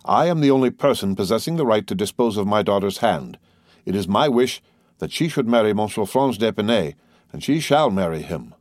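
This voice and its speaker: A man's voice: fairly low pitch, big pitch swings, brisk, no room sound, clean studio sound. A man playing a proud, stern father who speaks curtly and imperiously. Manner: curt, imperious.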